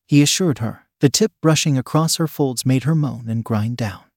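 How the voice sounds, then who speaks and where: A man narrating an adult romance story at a steady, unhurried pace. His voice sits in an ordinary middle pitch, and the recording is dry and close. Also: dry recording.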